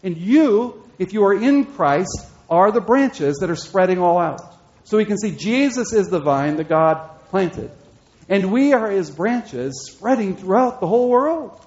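A man preaching an expository sermon, slowing down and repeating key phrases for emphasis. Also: sits high, expressive, darkish tone. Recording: dull lo-fi sermon recording.

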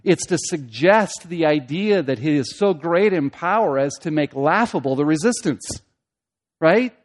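Man, preacher, sermon, higher voice, loud emphatic peaks, hushed asides, rhetorical questions. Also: animated, measured pace. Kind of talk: expository sermon.

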